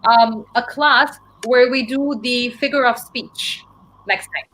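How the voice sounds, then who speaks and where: A young woman hosts a live online English lesson, talking in an easygoing, agreeable way. Her voice is fairly high, with faint background noise behind it. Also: steady tone, slow, fairly bright tone, poor audio. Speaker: English teacher.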